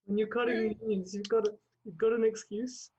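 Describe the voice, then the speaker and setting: A man's voice: sits high, steady tone, brisk, warm tone, highs cut off, slight background noise. A man improvising a comedy scene over a video call, rambling with many fillers. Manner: rambling, filler-heavy, melodramatic bursts. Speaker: improv performer.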